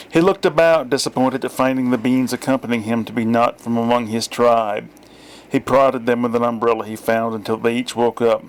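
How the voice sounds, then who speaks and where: Middle-aged man, deadpan story reader, medium pitch. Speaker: author reading his story. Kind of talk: first-person story reading.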